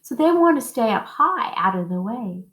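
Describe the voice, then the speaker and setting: In an echoey school music room, a woman teacher tells young children a story and leads simple call-and-response singing. Her voice has big pitch swings and a fairly bright tone, slow, sing-song and encouraging as she models high and low notes.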